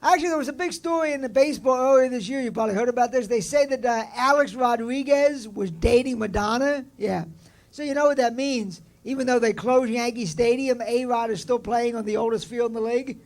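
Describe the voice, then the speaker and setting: A man hosting an open mic comedy night, telling jokes and working the crowd loudly before introducing the next comic. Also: extremely high pitch, fairly quick. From Ireland. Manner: loud, upbeat crowd work. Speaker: host. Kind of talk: stand-up comedy and emceeing. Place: comedy club room with a live audience. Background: audience laughter and chatter.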